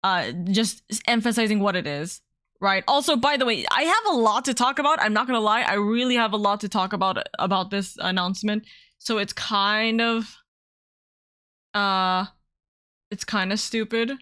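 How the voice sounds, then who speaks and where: A woman streaming from home as a VTuber, chatting casually in a rambling, excitable way and swearing freely. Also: mid-range voice, normal speed, no room sound, studio quality. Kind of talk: casual livestream chat.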